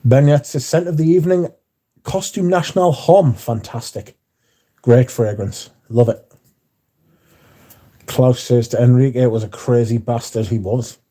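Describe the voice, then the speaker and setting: A non-American man with a mellow, medium-pitched voice speaks a little slowly and pauses often. Hosting a casual livestream in a windy bar, he reads the chat bluntly and mouthily, with frequent swearing.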